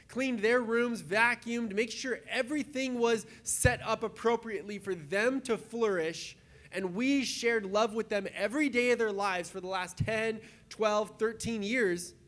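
A man preaching a casual, conversational sermon as a pastor, animated and chatty, acting out voices as he goes. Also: high voice. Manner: animated, acts out quoted voices, chatty asides.

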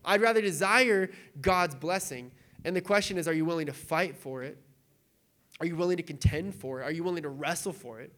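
A man's voice: on the high side, a little fast, a bit bright. A young adult man preaching a sermon as a pastor, in a casual, conversational way with lots of fillers, sometimes turning tearful. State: tearful, voice breaking.

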